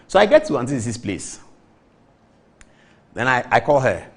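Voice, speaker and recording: Lively Ghanaian man in his forties. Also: medium pitch, moderate pace. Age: 40s. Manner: lively storyteller who mimics the people he quotes. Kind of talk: animated anecdote on a TV talk show.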